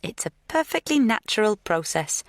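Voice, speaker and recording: A woman's voice: mid-range voice, big pitch swings, moderate pace, no echo, studio quality, pitched above the performer's own voice, lightly acted. A woman voicing a creepy older woman who keeps her captive with a falsely sweet, sing-song, soothing manner. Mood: sweetly menacing.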